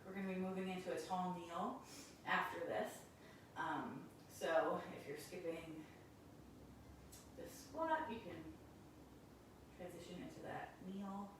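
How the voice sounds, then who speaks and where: A woman teaching a guided yoga class, giving calm, encouraging cues while doing the poses and a little out of breath. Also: on the low side, measured pace, long pauses, heavy reverb, recorded from a distance, background noise. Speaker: yoga instructor.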